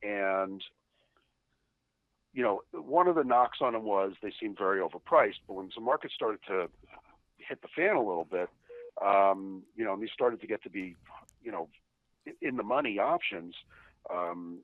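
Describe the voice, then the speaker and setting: Podcast guest, low lively voice, chatty and profane, dry tinny phone line. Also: male voice, moderate pace, creaky, long pauses, no echo. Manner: chatty, profane, laughing at own stories. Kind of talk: casual storytelling.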